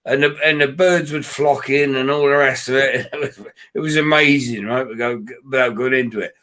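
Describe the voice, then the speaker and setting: A man's voice: medium pitch, fairly even intonation, a little fast, pushed and bright. A man co-hosting a casual pub-style chat, swearing freely as he rambles through travel anecdotes. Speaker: podcast co-host.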